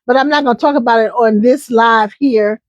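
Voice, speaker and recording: A woman's voice: fairly high pitch, brisk, no echo, dull audio. A woman hosting a casual live chat, talking in a chatty, emphatic way and often repeating herself. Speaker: host.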